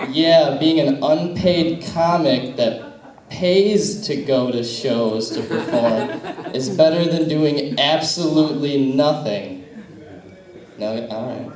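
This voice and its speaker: A man's voice: medium pitch, darkish tone. Young man, Midwestern accent, stand-up comic, crude casual storytelling, echoey club, distant mic. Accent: Midwestern American. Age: young adult. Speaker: stand-up comedian. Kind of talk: stand-up comedy set. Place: comedy club.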